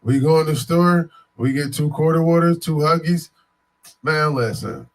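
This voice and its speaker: Man, from Buffalo New York, slightly high voice, casual storytelling, rambling, animated, heavy use of fillers. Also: normal speed. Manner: animated, digressive, frequent "you know what I'm saying" fillers.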